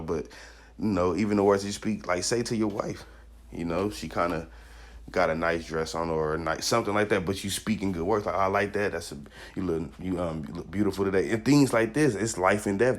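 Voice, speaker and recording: A man preaching an informal street-style sermon, loose and rambling with many fillers and restarts. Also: deep voice.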